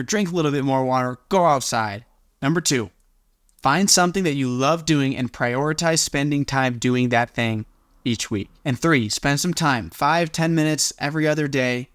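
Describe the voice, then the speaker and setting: A man's voice: on the high side, a bit bright, dry recording, studio quality. A young man coaching viewers on self-love in an earnest, motivational teaching style, often dropping in a casual "like". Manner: earnest and coaching, loose with filler "like". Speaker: confidence coach.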